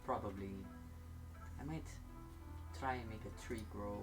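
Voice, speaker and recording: A man playing a tabletop role-playing game, speaking softly and hesitantly about his character. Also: on the low side, measured pace, over music. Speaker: player. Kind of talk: casual tabletop role-play chat.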